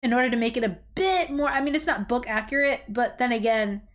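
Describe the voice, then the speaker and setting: A woman hosting a reaction video, blunt and animated, swearing freely and exclaiming as she chats. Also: a little high, a little fast. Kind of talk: casual reaction commentary.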